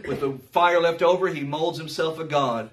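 A man with a fairly high voice leads a verse-by-verse Bible teaching, leaning on rhetorical questions and casual asides. He sounds a little distant from the microphone, as if picked up from across a meeting room. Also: normal speed, a little hiss or hum. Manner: conversational, rhetorical questions, voice rising to shouts at times. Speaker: pastor.

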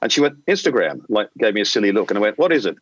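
A man's voice: on the low side, rapid-fire, muffled recording, slight background noise. A man in his late forties or fifties, an airline captain being interviewed, telling a story at length and acting out the voices of the people in it. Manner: animated storyteller, acts out quoted dialogue. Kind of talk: conversational storytelling.

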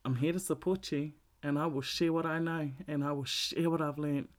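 A woman's voice: low-pitched, normal speed. Blunt, swearing woman. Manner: blunt, swears freely, animated emphasis. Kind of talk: casual monologue.

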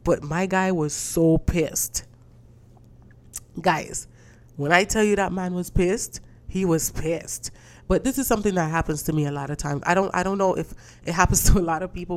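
A young woman, stuffy from a cold, hosting a casual solo podcast and telling lively stories full of swearing and acted-out dialogue. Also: low-pitched, slight background noise. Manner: animated storytelling, swearing, acting out dialogue. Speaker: podcast host.

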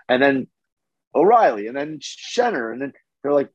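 A man telling a story casually as a podcast guest, animated, with his voice jumping up when he gets excited and swearing freely. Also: mid-range voice, brisk, breathy edge, no room sound, muffled recording.

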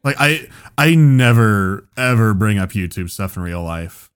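A young man co-hosting a podcast, telling a story in a halting, stammering way. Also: lowish voice, lively intonation, clear, resonant tone. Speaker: podcast co-host. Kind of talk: casual podcast chat.

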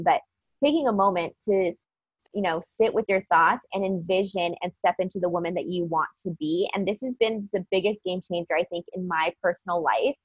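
A woman's voice: fairly low pitch, dry recording. A woman guest on a podcast, chatting earnestly and upbeat about mindset, with lots of fillers. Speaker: podcast guest, business coach. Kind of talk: casual motivational chat. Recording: dull dry lo-fi sound.

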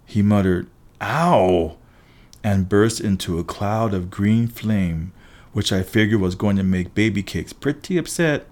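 Man narrating an audiobook, lowish voice. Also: darkish tone. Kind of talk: first-person audiobook reading.

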